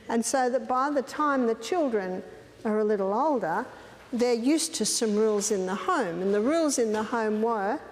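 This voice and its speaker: Woman, lecturer, fairly high voice, firm storytelling, echoey hall. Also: darkish tone. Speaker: lecturer on child raising. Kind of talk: lecture with personal anecdotes. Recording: echoey hall, faint background noise.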